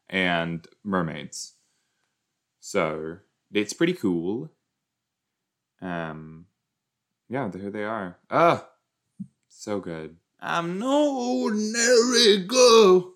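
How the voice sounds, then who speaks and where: A man casually commenting while he watches a show, chatty and quick to exclaim or laugh. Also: deep voice, expressive, a bit bright. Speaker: reaction video host.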